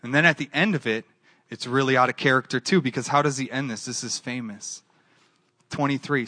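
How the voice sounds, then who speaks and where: A man's voice: medium pitch, normal speed, sharp tone, no room sound. A man preaching a sermon with an earnest, repetitive cadence, then leading a closing prayer. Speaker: pastor.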